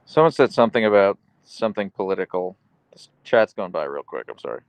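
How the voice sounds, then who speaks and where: Male streamer, casual and chatty with viewers; low, lively voice with dry close sound. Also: a little fast, creaky, dry recording, muffled recording. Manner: relaxed, chatty, answers viewers. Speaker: livestream host reading chat. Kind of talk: casual live-stream chat.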